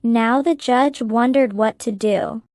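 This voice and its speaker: Slow, clear woman reading a story. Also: a little high, a little mellow, no room sound, clean studio sound. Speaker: narrator. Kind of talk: slow graded-reader story narration.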